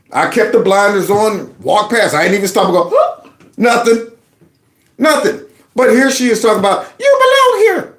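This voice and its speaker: Animated mocking man, echoey room. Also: sits high. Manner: animated, mocking, mimics others in exaggerated voices. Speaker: commentary channel host. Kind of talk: political commentary reacting to clips.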